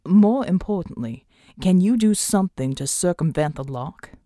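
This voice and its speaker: A woman voicing a formal, measured man who speaks a bit lower and firmer than the narration. The tone is mellow and close, with a dry sound. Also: animated, dry recording, close to an everyday voice. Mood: urgent. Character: man, calm team member.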